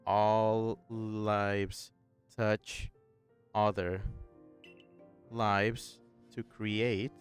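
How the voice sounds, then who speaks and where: Stubborn old woman, guarded and low-voiced, read by a man; smooth tone, faint game music behind. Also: level tone, extremely slow, pauses often. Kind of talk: reading game dialogue aloud.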